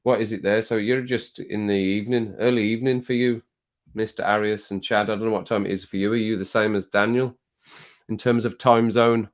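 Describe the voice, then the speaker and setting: A man's voice: fairly low pitch, steady tone, a little fast. A man chatting casually on a live stream, reading viewer comments aloud and laughing often. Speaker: music reaction streamer.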